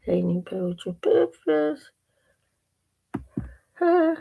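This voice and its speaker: A woman's voice: mid-range voice, very animated, slow pace, gravelly, slightly rough, narrow, tinny audio. An older woman hosting a live stream, chatting casually and rambling to herself while she waits for others.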